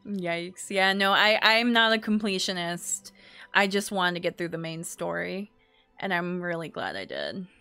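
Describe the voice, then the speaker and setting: A young woman streamer with a bright, lively voice that rises and falls a lot. She chats casually and giggly over a soft music bed. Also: lowish voice, unhurried, clear, resonant tone, no room sound. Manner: emotional, giggly, rambling. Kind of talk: casual gaming chat.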